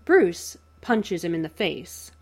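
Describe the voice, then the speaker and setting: A woman reads a story aloud with a slow, measured delivery. Her voice sits fairly low and she takes her time over each line. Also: sing-song, a little mellow, breathy edge. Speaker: narrator. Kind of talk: reading fan fiction aloud.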